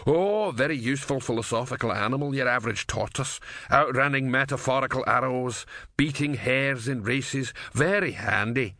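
A man's voice: mid-range voice, normal speed, bright, forceful tone, dry recording, clean studio sound. A man voicing a chatty, folksy male barman in a storybook reading, rambling in a matter-of-fact way. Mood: chatty easygoing.

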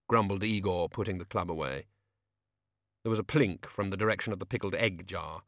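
Male audiobook narrator, low and wry, dry studio read. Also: a little fast, a bit bright, no echo.

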